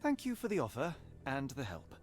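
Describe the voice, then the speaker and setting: An actor voicing a polite, measured Victorian detective in a video game. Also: male voice, mid-range voice, wildly swooping pitch, faint music behind. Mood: courteous. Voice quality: courteous and measured.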